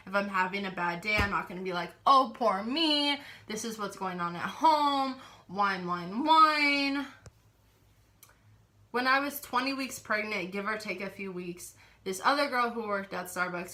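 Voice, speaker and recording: A woman's voice: medium pitch, bright, forceful tone. A young woman venting to her camera in a casual rant, blunt, sarcastic and full of swearing. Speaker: vlogger.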